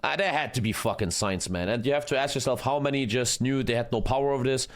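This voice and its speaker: Man, casual reaction commentary, blunt, swears a lot, earnest, mid-pitched. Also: fast. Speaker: streamer reacting to a history video.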